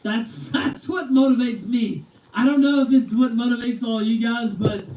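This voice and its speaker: A man's voice: very high-pitched, normal speed, darkish tone, slight background noise. A man hosting a live show, reading super chats in a brash, profane rant. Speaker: livestream show host. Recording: echoey stream audio from off-mic.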